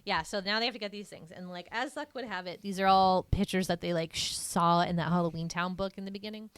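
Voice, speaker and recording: A woman's voice: fairly even intonation, fast talker, clear, resonant tone, dry recording. A young woman co-hosting a podcast, recapping a film in rambling casual chat full of fillers. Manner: rambling, filler-heavy storytelling, many "like"s; acts out character lines in a higher voice. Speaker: podcast co-host.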